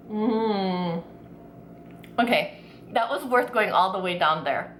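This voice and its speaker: A woman food vlogger talks in a medium-pitched voice, excitable and gushing, full of casual fillers. She sounds like she is in a roomy, echoing space. Faint ambient noise sits behind her. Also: slow pace, pauses often. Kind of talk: casual food tasting vlog.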